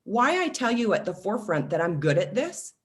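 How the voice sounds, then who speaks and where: A woman in her forties, a self-love coach, talking casually and telling personal stories with lively acted-out quotes. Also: mid-range voice, brisk. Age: 40s. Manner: animated storytelling, acts out quoted voices. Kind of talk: casual podcast conversation.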